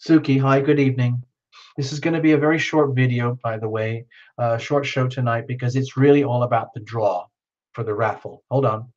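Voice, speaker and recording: A man hosting a live tarot reading stream, chatting casually and greeting viewers by name, with excited whoops now and then. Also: medium pitch, fairly quick. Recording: dull lo-fi stream audio.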